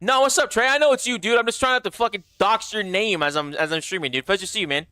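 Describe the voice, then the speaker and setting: Bright-voiced young male game streamer. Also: high voice, fast, clear, resonant tone, no echo. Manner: loose and chatty, swears often, reads out chat. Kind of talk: casual livestream chat while gaming.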